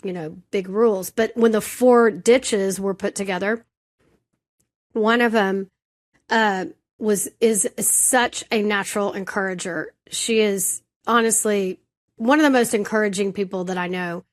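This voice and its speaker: A woman co-hosting a talk show tells a personal story in a relaxed, chatty way. She talks at a medium pitch and keeps restarting and correcting herself. She pokes fun at herself as she goes. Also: measured pace. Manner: animated, self-deprecating, many restarts. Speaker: podcast co-host. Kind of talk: casual conversational storytelling.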